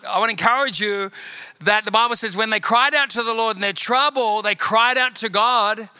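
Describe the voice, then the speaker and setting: A man's voice: high voice, moderate pace, bright, forceful tone, clear, resonant tone, dry recording. A man, a pastor preaching a sermon with emphatic, repetitive exhortation.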